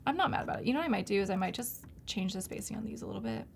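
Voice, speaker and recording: With a medium-pitched, gravelly voice that's animated and racing, a woman runs a casual live design demo against a little hiss or hum. This livestream host and designer chats through each step, laughing frequently.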